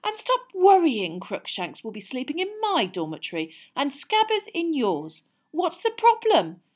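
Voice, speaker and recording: A woman reading aloud, voicing an earnest, bossy teenage girl witch who speaks briskly and insistently. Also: high voice, huge pitch swings, voice pushed up, exaggerated voice.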